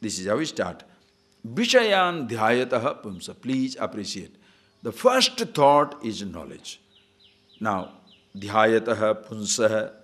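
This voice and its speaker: Lively man giving a spiritual discourse. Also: fairly low pitch. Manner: lively, teasing rhetorical questions; chants short scripture verses slowly. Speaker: swami teaching scripture. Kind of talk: spiritual discourse to a live audience.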